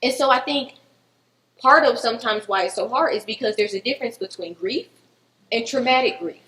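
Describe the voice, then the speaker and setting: A woman talking earnestly in a group discussion, reflective and slowing on the points that matter to her. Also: fairly high pitch, a bit bright, poor audio.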